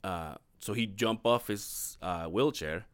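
Man, 30s, podcast co-host; low voice, dry close mic, loose swearing storyteller. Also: takes it slowly, clean tone, no echo. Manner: rambling, profane, laughs often. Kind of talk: casual storytelling chat.

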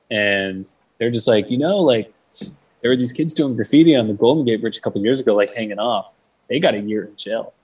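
A young man with a low, husky voice tells his story casually, with a lot of cursing and "like". He acts out the people he quotes. He sounds a bit distant from the microphone. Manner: swears freely, fills with 'like', acts out quoted people. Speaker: guest. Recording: mic set back from the speaker.

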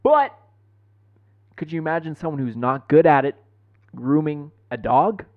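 A young man co-hosting a podcast, telling stories in a profane, animated way. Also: fairly high pitch, a little slow. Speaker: podcast co-host. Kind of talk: casual chat. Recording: dull lo-fi podcast mic.

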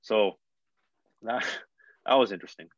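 A young man, a hockey player guest, telling stories casually in an animated way and swearing freely. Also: on the low side, unhurried, no room sound, muffled recording. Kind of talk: casual storytelling.

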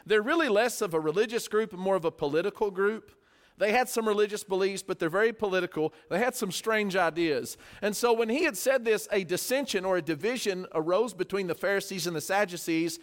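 A man preaching a verse-by-verse sermon, explaining the text in a conversational way with asides and repeated words. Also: high-pitched. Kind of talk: sermon, Bible study teaching.

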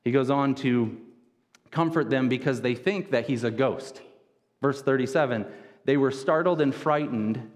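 A man's voice: mid-range voice, normal speed. Man preaching in a long-reverb church. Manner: conversational, casual wording, frequent word repeats. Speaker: pastor. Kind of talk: sermon. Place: church sanctuary.

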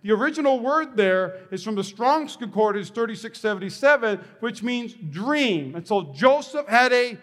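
A man with a strikingly high voice preaches a sermon, spinning animated stories and stumbling over repeated words as he restarts. His voice rings out with a long reverb from the hall around him. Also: moderate pace, few pauses. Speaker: pastor.

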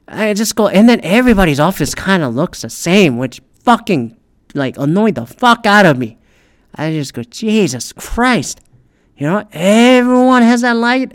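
Solo podcast host, middle-aged man, slightly high voice, profane animated ranting.

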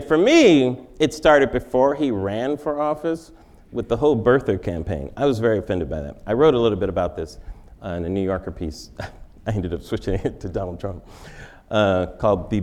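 A man's voice: on the low side, a little mellow. A male comedian giving a wry comic lecture in a large forum, interviewing himself and laughing at his own jokes.

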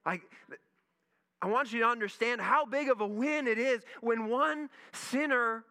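A man, a pastor, telling a lively story in a sermon and acting out his own reactions. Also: extremely high pitch, normal speed, clean tone. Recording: long reverb in a large hall.

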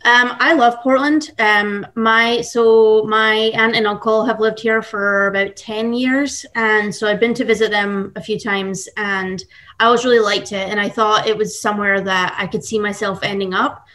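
A woman's voice: medium pitch, steady tone, normal speed, bright, forceful tone. A young woman with a Scottish accent, a baker chatting upbeat as a podcast guest, with many fillers. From Scotland and Texas. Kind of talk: casual podcast interview.

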